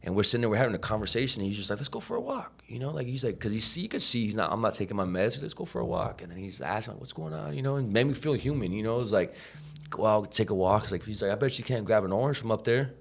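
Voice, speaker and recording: Fast-talking low-voiced man telling his story. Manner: profane, slangy, full of "like" and "you know"; acts out quoted people in his story. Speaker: podcast guest. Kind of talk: casual storytelling.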